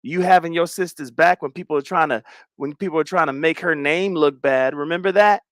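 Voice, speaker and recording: Male livestream host, fairly high voice, dry close mic, slangy and animated. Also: brisk, dry recording. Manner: animated, swings between loud and mumbled asides; slangy, repeats phrases. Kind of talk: casual livestream chat.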